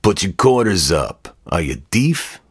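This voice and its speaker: A man voicing a burly, bullying man with a gruff, taunting way of talking. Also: low-pitched, very animated, a little slow, no echo, clean studio sound, pitched above the performer's own voice, heavily acted.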